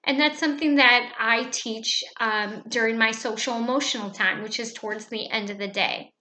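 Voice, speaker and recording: Calm, bright-voiced woman teacher. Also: on the high side. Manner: calm, measured, with many fillers. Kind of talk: explaining classroom management. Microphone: webcam. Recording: echoey room.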